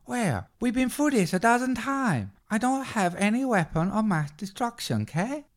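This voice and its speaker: A squeaky, shrill puppet dictator for a podcast bit, whining in a voice pushed far above a normal speaking voice. The lines wobble and swoop as he pleads. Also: sing-song, normal speed. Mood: shrill, wheedling. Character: high-pitched puppet dictator, shrill and whiny. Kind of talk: comic movie impression.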